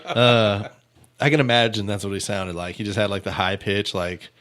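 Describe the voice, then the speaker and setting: A man's voice: on the low side, steady tone, normal speed, fairly bright tone. A man hosting a true-crime comedy podcast, joking casually and laughing often. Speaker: podcast host.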